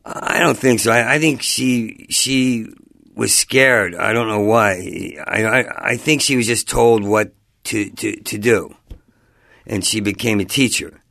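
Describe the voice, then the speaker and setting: Middle-aged New comic, gravelly and dry, stammers through rambling stories. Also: male voice, fairly low pitch, unhurried, a bit bright, no echo. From New Jersey. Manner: heavy stutter, rambling and self-interrupting. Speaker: guest comedian. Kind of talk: casual interview chat.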